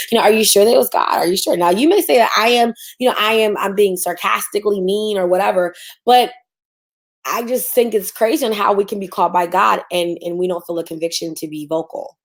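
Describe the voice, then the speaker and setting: A woman coaches her livestream audience in a sassy, preachy tone. Her middle-pitched voice has a gravelly edge. She slips into mocking voices to make her point. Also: fairly quick. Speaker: business coach. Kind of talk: livestream teaching.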